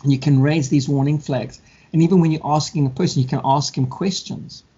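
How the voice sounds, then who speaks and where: A man talks casually in a mellow, husky voice that sits a little high for a man. He tells stories in an animated way and slips into quick mock voices for the people in them. The recording sounds dull and lo-fi. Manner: animated storyteller, acts out scammers and victims in quick mock voices. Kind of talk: casual chat.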